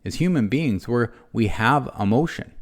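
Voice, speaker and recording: A man hosting a motivational podcast, talking earnestly and warmly straight to the listener, with frequent tag questions and restarts. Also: mid-range voice, lively intonation, normal speed. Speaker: podcast host, former prison guard.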